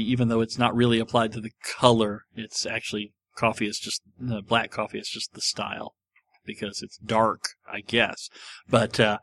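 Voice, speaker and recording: A man's voice: medium pitch, fairly bright tone. Man, middle-aged, podcast host, casual chat, rambling, self-mocking. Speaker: podcast host answering listener questions.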